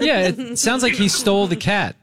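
A man hosting a radio talk show, teasing his co-hosts in quick casual banter from the studio. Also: high-pitched, fairly bright tone, a little hiss or hum.

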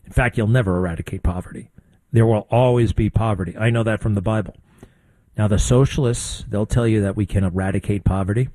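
An older man hosting a talk show, giving blunt, conversational political commentary with quick asides. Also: lowish voice, mellow, no room sound. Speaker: radio talk show host.

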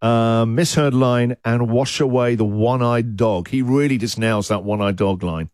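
A man's voice: mid-range voice, unhurried, a little mellow, no echo, studio quality. A middle-aged man hosting a casual breakfast radio show, joking and laughing often. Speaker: radio host. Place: radio studio.

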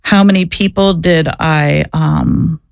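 A woman's voice: low-pitched, wildly swooping pitch, slow pace, creaky, no room sound. A woman guest in an interview, telling personal stories candidly and reflectively, often repeating words and restarting sentences. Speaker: interview guest, former abortion clinic worker. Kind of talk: candid personal storytelling in conversation.

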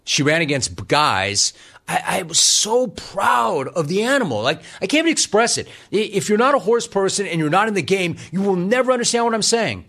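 A man's voice: high-pitched, very animated, normal speed, a bit bright. Middle-aged guy hosting talk radio, ranting hard, voice swings up and down a lot. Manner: emphatic, riffs and rants, acts out quotes. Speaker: radio talk show host. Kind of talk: animated sports talk monologue.

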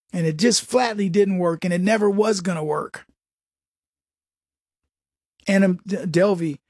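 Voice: medium pitch, husky, dry recording, clean studio sound. A commentator giving a sarcastic opinion monologue, mocking people and acting out quotes.

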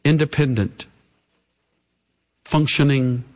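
A middle-aged man preaching a sermon as pastor, earnest and pleading, his voice swinging from raised highs down to hushed lows. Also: fairly even intonation, takes it slowly.

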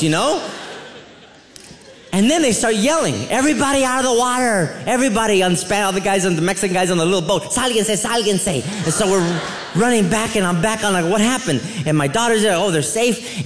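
Animated stand-up man, high lively voice. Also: quick pace. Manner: animated storytelling, rambling asides. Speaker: stand-up comedian. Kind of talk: stand-up comedy set. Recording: roomy venue sound with light noise.

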